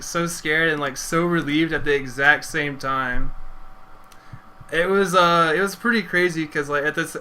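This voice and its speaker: A man's voice: a little high, pushed and bright, slight background noise, rough recording. A young man streamer casually telling a story, rambling with lots of "like" fillers and swearing.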